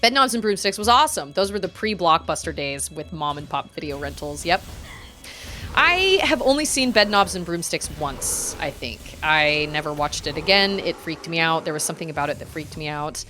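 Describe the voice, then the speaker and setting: A woman's voice: low voice, lively intonation, normal speed, bright, forceful tone, soft background music. A woman streaming a game, chatting casually and animatedly, laughing often and gasping at surprises. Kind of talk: casual gameplay chat.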